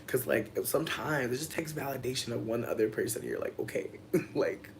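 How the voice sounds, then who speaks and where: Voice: mid-range voice, a little fast, gravelly. A young adult streamer in casual livestream chat, telling a loose, profane story. The speaker rambles through fillers and hops between the story and comments from viewers. A faint hiss sits under the voice. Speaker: content creator.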